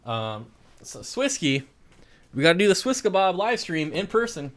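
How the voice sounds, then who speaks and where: A man's voice: high-pitched, sing-song, moderate pace, fairly bright tone. A man hosting an aquarium live stream, chatting casually and laughing as he answers viewer comments.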